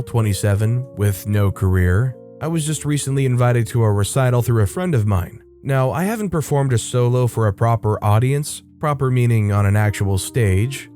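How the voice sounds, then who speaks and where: A man's voice: medium pitch, mellow. A man reading online stories aloud and adding casual, wry commentary. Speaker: storytime narrator. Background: faint guitar music.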